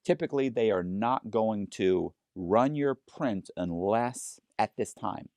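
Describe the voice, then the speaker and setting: Lively, low-voiced male storyteller. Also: takes it slowly, dry recording, studio quality. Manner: lively, acts out both sides of retold conversations. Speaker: guest. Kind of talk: animated storytelling in a podcast interview.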